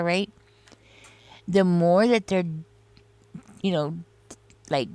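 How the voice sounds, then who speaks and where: A woman's voice: on the low side, a little mellow, clear, resonant tone, no room sound. A woman giving a casual tarot reading, rambling and confiding, with lots of "you know" and "like" as she talks straight to the listener. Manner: confiding, addresses the listener directly. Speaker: tarot reader.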